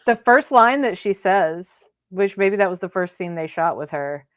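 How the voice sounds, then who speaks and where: A woman co-hosting a podcast, chatting in an animated, enthusiastic way. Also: medium pitch, moderate pace, no room sound, clean studio sound. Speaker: podcast co-host. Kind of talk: casual chat.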